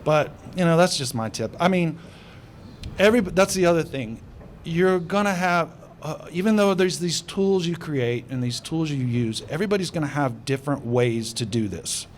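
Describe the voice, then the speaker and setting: A man filmmaker talks through his writing advice on a festival panel, rambling and conversational. His voice is fairly high for a man, with a faint hiss in the background. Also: lively intonation, normal speed.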